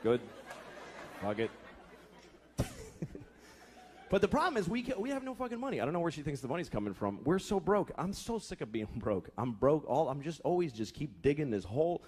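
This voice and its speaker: A man in his thirties doing a profane stand-up routine, exasperated, slipping into quick character voices. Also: a little high, very animated, a little mellow, husky, a faint crowd. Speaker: stand-up comedian. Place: comedy club stage with laughing audience. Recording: live club recording with audience noise. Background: audience laughter.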